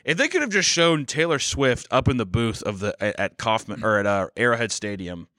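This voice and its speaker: Young Midwest-raised man, podcast co-host, bright animated voice, jokey and profane, dry studio sound. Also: mid-range voice, fairly quick, no echo. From Kansas City, US. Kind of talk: casual podcast chat.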